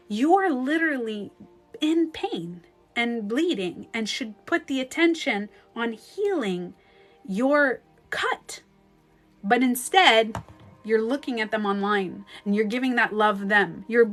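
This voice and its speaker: Emphatic high-voiced woman coach. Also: big pitch swings, a little slow, fairly bright tone, faint music behind. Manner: emphatic, acts out hurt voices, swears. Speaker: relationship coach. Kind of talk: live-stream advice talk.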